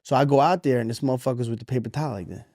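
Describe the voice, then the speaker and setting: A man in his thirties co-hosts a podcast, telling a story in casual, profane chatter. He talks very fast with a darkish tone, acting out the characters' voices with big leaps in pitch.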